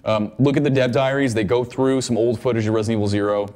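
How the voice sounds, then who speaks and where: Rambling, excitable male podcast co-host. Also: medium pitch, quick pace. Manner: rambling, repeats words, enthusiastic about games. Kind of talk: casual chat.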